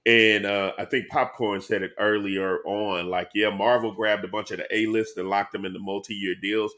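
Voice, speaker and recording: A man with a fairly low voice makes his points in casual podcast chat. He is emphatic and slangy and repeats himself as he builds up to a point. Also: level tone, normal speed, a bit bright. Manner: emphatic, slangy, says bro often. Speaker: podcast co-host.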